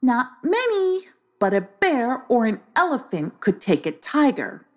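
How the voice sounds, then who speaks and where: A woman's voice: high-pitched, very animated, a little slow, pitched above the performer's own voice. A woman voicing a confident, clever young girl twin in a children's story. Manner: confident, proud.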